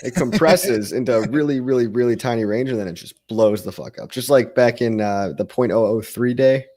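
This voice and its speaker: A man co-hosting a crypto podcast, bantering in a relaxed, laid-back way with some swearing. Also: mid-range voice, brisk. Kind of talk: casual profane chat.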